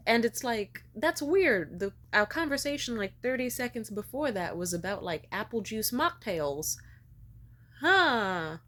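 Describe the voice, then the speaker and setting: Young woman vlogger, casual storytime rant, profane and sarcastic, mid pitch. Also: fairly bright tone.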